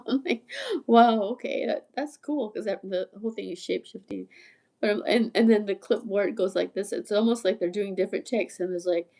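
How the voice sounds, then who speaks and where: A woman's voice: mid-range voice, mellow. A woman in her sixties rambling casually to viewers on a livestream, chatty and prone to tangents, often laughing. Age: 60s. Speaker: livestream host.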